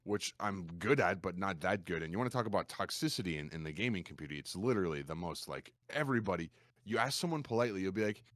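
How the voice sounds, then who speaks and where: A man with a low voice, a streamer guest on a podcast, telling his stories in a lively, animated way. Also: fast talker, no room sound, clean studio sound. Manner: animated storyteller, acts out quoted gamers in a raised voice. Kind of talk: casual podcast conversation.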